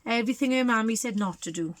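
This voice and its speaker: A woman reading a picture book aloud to young children, animated and sing-song, asking them questions. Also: on the high side, fast, no echo. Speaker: children's storyteller.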